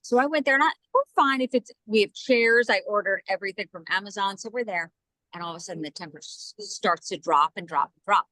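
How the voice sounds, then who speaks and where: A woman from New Jersey, a news journalist and podcast guest, telling stories in a casual chat and acting out the quotes with lively voices. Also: mid-range voice, quick pace, dry recording, poor audio. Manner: animated, acts out quoted dialogue in lively voices.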